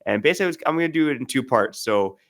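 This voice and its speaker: A man's voice: mid-range voice, lively intonation, quick pace. A man co-hosting a sports podcast, talking in a casual, easygoing way with frequent hesitations. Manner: easygoing, hesitant with many fillers. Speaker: podcast co-host.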